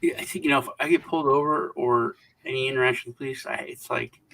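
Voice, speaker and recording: A man hosting a casual podcast panel, rambling and retelling stories with animated quoted voices over a remote call mic. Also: mid-range voice, quick pace, vocal fry, distant mic, poor audio. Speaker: podcast host.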